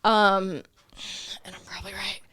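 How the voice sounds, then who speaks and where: A woman's voice: mid-range voice, level tone, a little slow, sharp tone, husky, dry recording. A young adult woman co-hosting a casual comedy podcast, rambling and sarcastic, laughing often. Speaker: podcast co-host.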